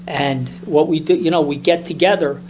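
A man's voice: on the high side, steady tone, moderate pace, a little mellow, a little hiss or hum. A man telling a story at a recovery meeting in casual, rambling talk, repeating words and acting out voices as he goes.

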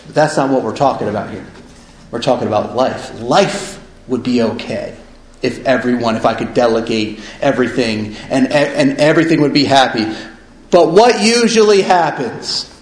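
A man's voice: medium pitch, moderate pace, a little hiss or hum. A man reads passages from a book aloud and explains them in a casual way. He keeps checking in with his listeners by asking "right?". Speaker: discussion leader reading from a recovery book. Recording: echoey room.

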